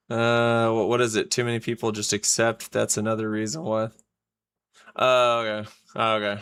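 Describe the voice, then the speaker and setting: A man hosting a livestream, with a fairly low voice. He chats in a laid-back, casual way over a clip he is playing, and calls people dude a lot. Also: little pitch movement, a little slow, fairly bright tone, clean tone. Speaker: livestream host.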